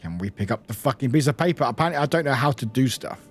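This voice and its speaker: A man's voice: medium pitch, animated, fast, faint music behind. A man from the UK streaming a game, chatting casually, laughing and swearing as he plays. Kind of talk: casual live-stream commentary.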